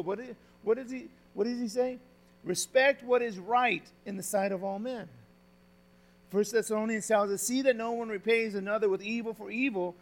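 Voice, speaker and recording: Male preacher, high-pitched, punchy delivery with sudden hushed asides to the flock. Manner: emphatic, swings from loud exhortation to quiet confiding; says "friends" and asks the congregation questions. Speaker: pastor. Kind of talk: sermon.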